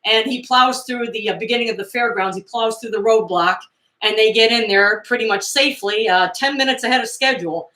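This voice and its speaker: A woman in her fifties casually recapping old movies in a chatty, animated way, acting out quotes as she goes. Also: on the high side, a little fast, echoey room. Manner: chatty, animated retelling with acted-out quotes and laughs.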